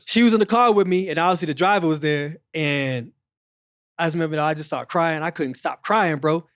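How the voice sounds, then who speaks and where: A man's voice: a little high, brisk, a bit bright, clean tone, no echo, clean studio sound. A middle-aged man hosting a casual sports chat, telling stories animatedly and repeating phrases. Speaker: show host.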